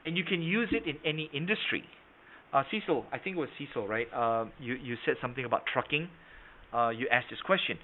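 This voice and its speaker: A man's voice: medium pitch, animated, brisk, a little hiss or hum. A man teaching sales in an online webinar, hesitant with many fillers, then stressing his points. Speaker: sales trainer. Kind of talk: webinar lesson. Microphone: video call. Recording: tinny phone-like line.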